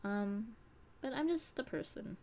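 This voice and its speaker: A young woman chatting frankly on a live stream, at an ordinary mid pitch for a woman. She rambles from thought to thought and curses casually, as if talking to friends in her community. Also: animated, a little slow, darkish tone, a little hiss or hum. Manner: candid, rambling, swears casually. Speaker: streamer and audio creator.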